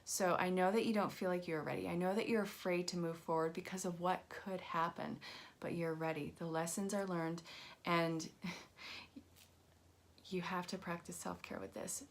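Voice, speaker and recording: A woman's voice: fairly low pitch, steady tone, a little slow. A woman giving a casual live-streamed card reading, chatty and reassuring as she talks straight to her viewers. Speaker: angel card reader.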